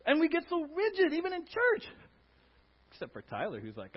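A male pastor preaching a sermon in a church, playful and animated, swinging between quiet asides and loud bursts. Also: extremely high pitch, fairly quick. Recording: dull lo-fi sermon audio.

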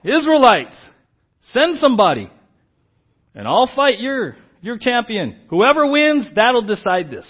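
A man voicing a boastful giant warrior who shouts a jeering challenge across a battlefield, in a slightly muffled recording. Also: very high-pitched, wildly swooping pitch, a little slow, husky, pitched above the performer's own voice, heavily acted. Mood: taunting.

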